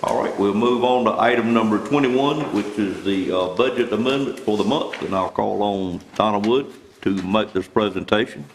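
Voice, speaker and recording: A man chairing a county meeting, brisk, procedural and courteous. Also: fairly low pitch, slight background noise, poor audio.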